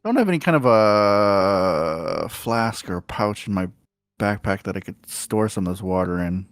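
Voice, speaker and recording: An easygoing man chats as a player in a tabletop game. He talks very slowly and lets his pitch wander widely. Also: expressive, no room sound. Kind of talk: casual tabletop game chat.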